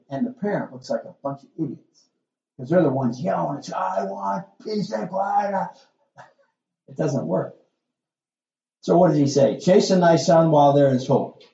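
A man's voice: medium pitch, dark tone, echoey room, highs cut off. A middle-aged male pastor preaching a sermon in a folksy, conversational way, full of asides and rhetorical questions.

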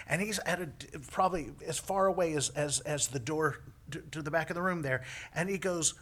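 A male minister preaching a sermon, telling a personal story in an animated way, with frequent laughs and repeated words. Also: on the high side, brisk, breathy edge.

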